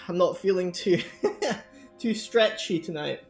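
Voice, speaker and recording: A man's voice: sits high, slow, gravelly, faint music behind. A young man chatting casually with his stream viewers, rambling and laughing often. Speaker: live streamer.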